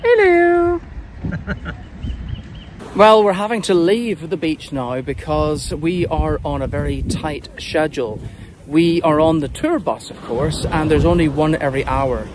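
A man's voice: fairly high pitch, moderate pace. A man vlogging as he walks outdoors, chatting and pointing things out along the way. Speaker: travel vlogger. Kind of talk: walking tour commentary. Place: outdoors, on a beach and vineyard paths. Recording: outdoor noise behind the voice.

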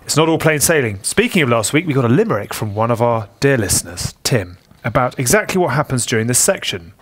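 A man's voice: mid-range voice, very animated, fast, a bit bright, slight background noise. A man hosting a podcast, leading segments and teasing his co-host. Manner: teasing, presenter-like. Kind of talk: presenting a show segment.

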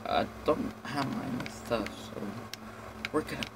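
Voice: medium pitch, lively intonation, slow, heavy background noise. A gamer giving casual, jumpy commentary on his own play, with lots of swearing, panicked yelps and idle humming. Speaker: lets-play host.

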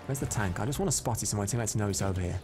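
A man giving live commentary over his own gameplay, excitable and prone to loud frustrated outbursts, chatting with his viewers between rounds. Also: fairly low pitch, rapid-fire, music in the background. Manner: chats to viewers and reads out their comments. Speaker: live streamer.

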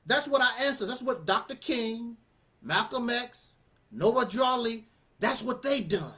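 A man giving casual spoken commentary as a channel host, animated and preachy, often laughing and repeating phrases. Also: very high voice, measured pace.

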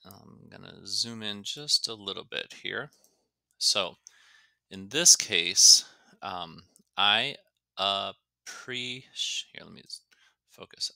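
In a gravelly, sharp-toned voice on the low side with lively intonation, a male English teacher walks through grammar. He goes slowly and carefully, drawing words out to show their pronunciation, and the recording has no echo.

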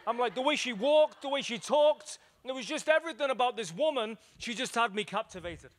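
An evangelist from Liverpool, England, a man with an extremely high-pitched voice, preaches a storytelling sermon to an audience in a church meeting room. Animated and a little fast, he acts out the dialogue in his stories.

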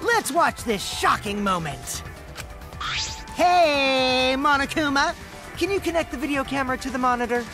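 An actor voicing a mischievous, teasing teenage boy speaking through a robot shell in a video game dub, with a flat synthetic tone. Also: sits high, moderate pace. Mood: smug. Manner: teasing, smug, playful. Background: game music.

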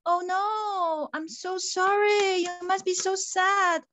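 A woman's voice: very high voice, steady tone, slow, pushed and bright, voice pushed up, heavily acted. A woman voicing sympathetic village neighbours in a children's puppet story, talking in an exaggerated, cooing way.

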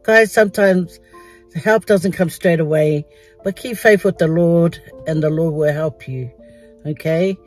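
A woman's voice: fairly low pitch, a little slow, faint music behind, poor audio. An older woman chatting casually to her vlog while sitting in a car, laughing often and dropping words into her English. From Samoa. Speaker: vlogger.

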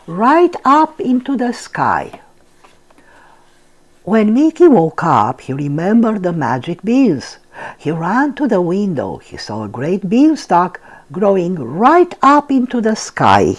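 An older woman hosting a storytime channel, reading a picture book aloud to children in a gentle, expressive way. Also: medium pitch, takes it slowly.

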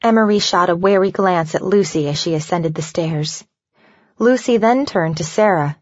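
Woman narrator, low voice, measured audiobook reading, dull dry studio sound. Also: a little mellow, no room sound. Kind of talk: scripted narration.

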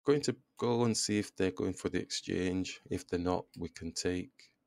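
Casual live chess commentary comes from a chess video creator with a deep, gravelly voice, speaking at normal speed and thinking aloud as he mutters each move. His self-deprecating groans at his own blunders are captured on a close, dry mic with no room sound or echo.

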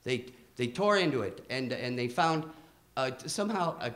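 A man from Detroit, hosting a talk show with a stand-up monologue, telling self-mocking stories in an excitable way, tripping over his restarts. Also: mid-range voice, normal speed. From Detroit, Michigan. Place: comedy club stage before a live audience. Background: faint audience laughter.

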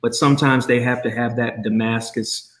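A man's voice: medium pitch, fairly even intonation, normal speed. A middle-aged man hosting a podcast interview, enthusiastic and encouraging, often repeating words as he starts a thought. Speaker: podcast host. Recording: roomy echoey room.

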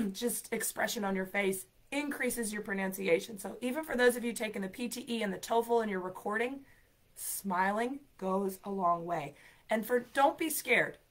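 A woman's voice: on the high side, bright, forceful tone. Upbeat, encouraging woman teaching live. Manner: talks straight to viewers, reads out comments. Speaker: ESL program coordinator. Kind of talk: live-streamed lesson.

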